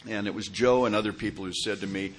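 A man in his sixties gives a personal testimony in a rather low voice. He rambles from one memory to the next and keeps checking in with his listeners as he goes. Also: steady tone, fast talker. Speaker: recovery meeting speaker.

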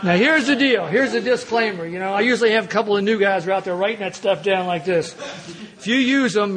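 A crowd can be heard behind this man as he tells a recovery meeting his own story. His voice is high and he speaks fast, joking and acting out what others said along the way.

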